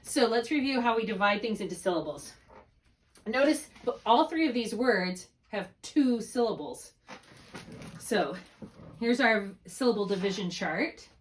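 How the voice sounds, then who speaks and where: A woman's voice: medium pitch, expressive, unhurried, a little hiss or hum. Woman tutor on a video call, patient and methodical, mid-range voice, slightly distant from the laptop mic. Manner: patient, explains step by step with check-in questions. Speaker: reading tutor. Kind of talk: one-on-one spelling lesson. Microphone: laptop mic, held while writing.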